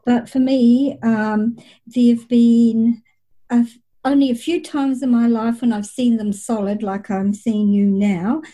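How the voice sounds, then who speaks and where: A woman's voice: on the high side, steady tone, unhurried, mellow, poor audio. A middle-aged woman working as a psychic medium, telling her experiences at length in a reflective interview. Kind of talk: conversational interview storytelling.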